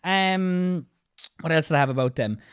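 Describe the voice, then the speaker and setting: A woman co-hosting a podcast, talking quickly and jokingly in casual chat. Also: sits low, clear, resonant tone, no echo, studio quality. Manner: fast-talking, jokey, breaks into mock announcer voices. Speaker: podcast co-host.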